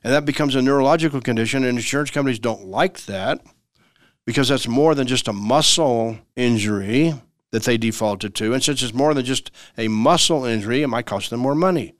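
Male attorney radio host of middling pitch, emphatic and repetitive, dry close sound. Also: a little fast, no echo. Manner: emphatic and repetitive, acts out everyday dialogues. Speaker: lawyer hosting a legal radio show. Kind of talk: conversational legal advice talk.

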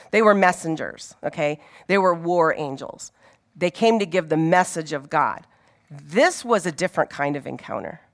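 A woman's voice: lowish voice, a bit bright. A woman giving an informal Bible teaching in a conversational way, often asking her listeners rhetorical questions.

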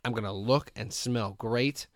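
A man from co-hosting a podcast, telling stories in a casual chat and sinking into low, quiet deadpan asides. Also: measured pace, no room sound. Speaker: podcast co-host.

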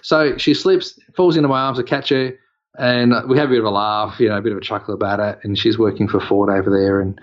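A man's voice: lowish voice, quick pace, highs cut off. A man with an Australian accent, casually telling a long personal story on a podcast, rambling with fillers and restarts. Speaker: podcast co-host.

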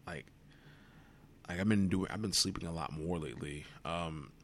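A man's voice: low voice, moderate pace, fairly bright tone. A worn-out young man hosting a solo podcast, rambling wearily and swearing freely, sometimes dropping to a whisper. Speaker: podcast host. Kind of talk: solo reflective monologue.

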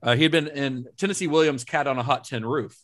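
A man co-hosting a casual film podcast, relaxed and laughing often as he recounts trivia he researched. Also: mid-range voice, quick pace, crowd noise. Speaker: podcast co-host.

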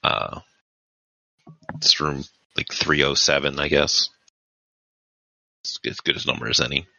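Very deep-voiced man narrating a tabletop game. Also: little pitch movement, creaky, bright, forceful tone, no echo, dull audio. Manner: unhurried, descriptive narration with fillers. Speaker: game master.

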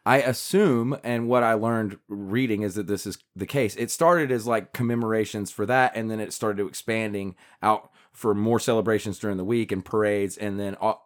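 A man's voice: on the low side, fairly even intonation, moderate pace, few pauses. A man from the States, co-hosting a podcast in rambling, self-deprecating casual chat. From Southern United States. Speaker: podcast co-host.

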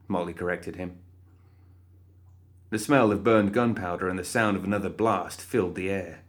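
A man narrating a story in an expressive storytelling style. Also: low voice, moderate pace.

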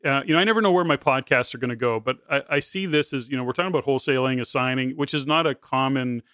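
A man with a bright, forceful voice hosts a podcast in long, winding turns that loop back and restart. He sounds close and dry, with no room around him. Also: medium pitch, fast talker, no echo. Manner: rambling, with many restarts. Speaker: podcast host. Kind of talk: conversational podcast interviewing.

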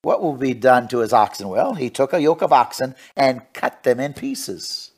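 A male preacher giving a radio sermon and reading scripture aloud, swinging from hushed asides to loud, fervent preaching. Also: mid-range voice, lively intonation, moderate pace, husky.

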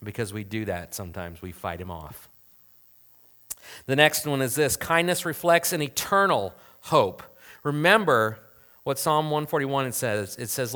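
Here a male pastor delivers a chatty sermon full of rhetorical questions, alternating forceful emphasis with quiet asides. His voice is mid-range and smooth.

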